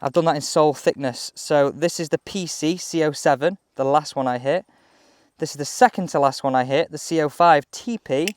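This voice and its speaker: A man chatting excitedly as he reviews golf clubs outdoors on a course. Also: a little high, moderate pace, no echo, clean studio sound. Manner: chatty, excitable, thinking aloud. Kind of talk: casual on-course commentary.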